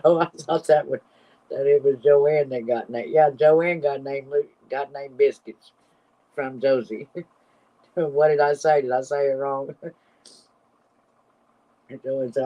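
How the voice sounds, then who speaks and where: Woman stream host, mellow and unhurried, breathless with laughter, casual chat. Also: extremely low pitch, steady tone. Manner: laughs constantly between comments. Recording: slightly dull lo-fi audio.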